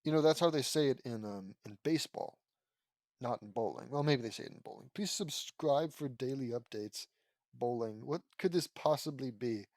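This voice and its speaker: A man reads fan fiction aloud like an audiobook, cutting in with sarcastic commentary, swearing freely and laughing at the text. His mid-range voice is a little fast and a little mellow, and there's no room sound.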